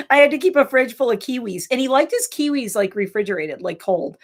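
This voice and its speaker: A woman's voice: high-pitched, normal speed. Chatty rambling woman vlogger. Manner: rambling, animated, exclamatory storytelling. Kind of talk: casual chat to camera.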